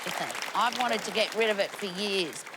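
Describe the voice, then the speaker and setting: A woman guest on a comedy panel show, telling a rambling story with laughter and shouted quotes. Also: medium pitch, normal speed, a loud crowd, heavy background noise. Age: older. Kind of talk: comic storytelling. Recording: studio audience laughter behind.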